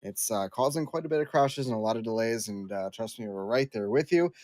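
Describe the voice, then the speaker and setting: A man's voice: mid-range voice, expressive, darkish tone, no room sound. Man casting an esports match live. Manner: talkative, quick asides, apologetic host patter. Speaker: esports caster. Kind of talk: live play-by-play commentary.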